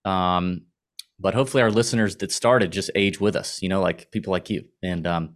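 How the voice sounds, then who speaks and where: Animated Southern American man, low voice. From Augusta, Georgia, US. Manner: animated, laughing, quick storytelling. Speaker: podcast guest. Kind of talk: casual podcast chat.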